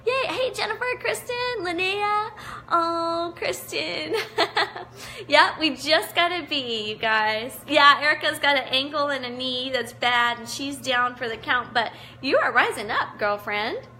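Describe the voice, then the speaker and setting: A woman's voice: high voice, lively intonation, a little slow, soft background music. A middle-aged woman hosting a live devotional chat, reading out viewer comments in an encouraging, chatty way. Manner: warm encouraging, chatty, greets viewers by name. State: teary-eyed. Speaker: online show host.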